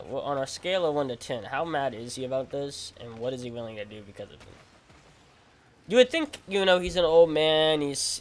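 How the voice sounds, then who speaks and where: Speaking in a medium-pitched, fairly bright voice, a gaming streamer chats casually in slang as he plays, dropping "bro" and "freaking." His storytelling rambles and repeats itself.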